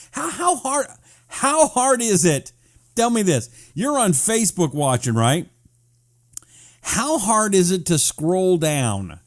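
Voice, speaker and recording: A man hosting a live political talk show, reading viewer comments in a sarcastic, animated way. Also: sits high.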